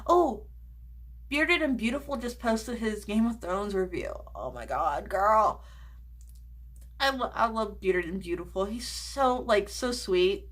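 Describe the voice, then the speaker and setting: A woman's voice: medium pitch, very animated, measured pace. A woman chatting casually in a makeup vlog, gushing over products, swearing freely and dropping into whispers. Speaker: beauty vlogger.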